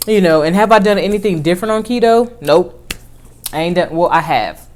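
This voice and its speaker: A woman vlogger telling a personal story in casual chat, animated, with lively swings in pitch and volume. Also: fairly quick.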